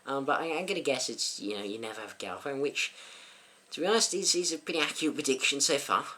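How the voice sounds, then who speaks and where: A man's voice: medium pitch, animated, fast talker, bright, forceful tone. Dry, self-mocking young man. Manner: dry, self-mocking, hesitant with many fillers. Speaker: YouTube host reading troll comments. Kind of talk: casual comedic commentary.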